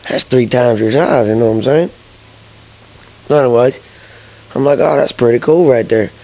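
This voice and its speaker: Young American guy, mellow gravelly voice, loose and rambling, chuckles through his anecdote. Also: mid-range voice, normal speed, low-quality recording. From Massachusetts, USA. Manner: rambling, lots of fillers and chuckles, excitable. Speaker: gaming channel storyteller. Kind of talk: casual rambling storytelling.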